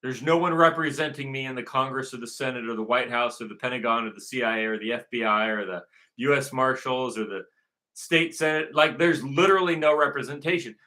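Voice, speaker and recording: Medium in pitch and sharp in tone, a male show host delivers a ranting monologue that is emphatic, repetitive, and full of frequent swearing.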